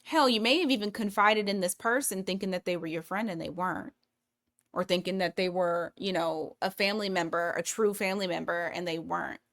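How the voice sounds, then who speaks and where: A woman's voice: on the low side, steady tone, fairly quick, a bit bright. Lady doing a chatty tarot reading, swears a lot, talks it out as she goes. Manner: blunt, profane, chatty, thinks aloud with restarts. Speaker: tarot reader.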